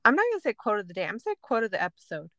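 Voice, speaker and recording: A woman's voice: mid-range voice, rapid-fire, dry recording. Young woman podcast cohost, chatty n swears a lot, dry close sound. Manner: animated storytelling, swears casually. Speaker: podcast co-host. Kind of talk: casual chat.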